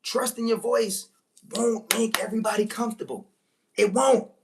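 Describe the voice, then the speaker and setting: A woman giving a motivational talk to viewers, preachy and emphatic, repeating key lines, slowing on big points and breaking into excited exclamations. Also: fairly high pitch, background noise. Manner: slows right down on key phrases. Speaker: motivational speaker. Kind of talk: live-stream motivational talk.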